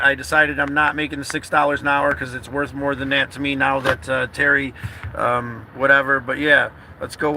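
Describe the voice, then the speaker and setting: A man records a casual vlog from a car, his voice sitting a little high. He talks in a heartfelt, rambling way and swears freely. Clear outdoor and road noise runs underneath. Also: bright, forceful tone, low-quality recording. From New York. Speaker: vlogger. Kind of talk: emotional casual vlog talk.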